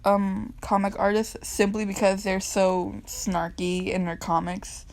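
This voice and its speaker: A woman's voice: medium pitch, steady tone, unhurried, a little mellow. A young woman casually reading comics aloud and chatting, rambling and giggly with lots of ums and restarts. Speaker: comic reader vlogger.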